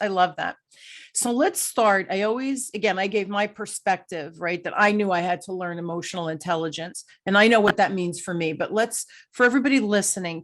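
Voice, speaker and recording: A middle-aged woman hosting an interview show, telling a candid story and acting out her own thoughts. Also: fairly low pitch. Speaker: podcast host. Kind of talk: conversational interview.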